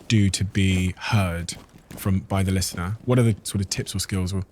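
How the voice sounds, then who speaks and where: A man's voice: low-pitched, steady tone, moderate pace, a little mellow, slight background noise. A man asking a voice coach questions in a curious, conversational interview. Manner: inquisitive.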